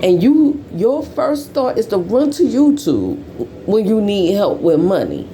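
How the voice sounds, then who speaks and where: Gravelly, animated woman ranting bluntly. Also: measured pace, noisy background. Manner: blunt, profane, swings between low mutters and sharp high bursts. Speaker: YouTube commentator. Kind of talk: ranting commentary. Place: at home.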